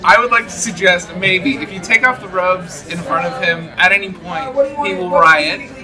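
Casting: loose, giggly male game master, high voice, music underneath. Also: steady tone, normal speed. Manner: laughing, loose, filler-heavy narration. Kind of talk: narrating a tabletop game. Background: background music.

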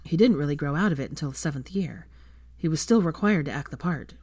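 Low-voiced woman narrating a story. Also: lively intonation, fast talker, a little mellow, husky, no echo, studio quality. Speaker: fan fiction reader. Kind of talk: audiobook narration.

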